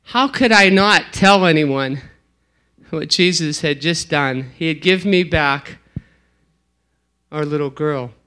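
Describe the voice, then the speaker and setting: A man playing a grateful father in a first-person monologue, telling his story slowly and earnestly. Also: a little high, pushed and bright, smooth. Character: grateful father whose daughter was raised.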